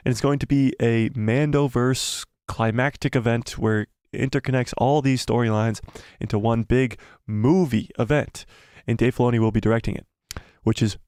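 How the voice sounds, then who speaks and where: A man hosting a live stream, excitedly breaking down a trailer, talking quickly and repeating phrases. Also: medium pitch, dry recording, clean studio sound.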